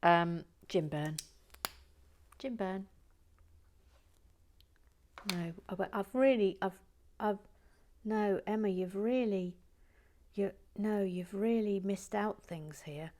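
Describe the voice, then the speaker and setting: A woman's voice: medium pitch, slow, long pauses, a little mellow, a little hiss or hum. A woman reading out listener messages in a casual, giggly chat, often trailing off into whispers. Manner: giggly, self-interrupting, drops into whispers.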